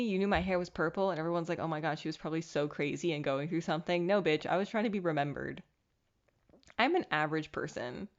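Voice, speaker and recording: A young woman hosting a podcast, talking casually and candidly in a self-mocking, animated way. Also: lowish voice. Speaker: podcast host. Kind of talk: casual solo monologue. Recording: dull lo-fi recording.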